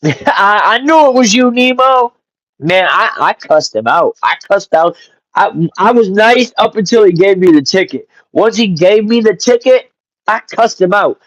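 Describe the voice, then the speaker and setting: A man hosting a casual live stream, greeting chat viewers by name and telling stories in an animated, joking way with some swearing. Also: sits high, no room sound, highs cut off. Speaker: livestream host.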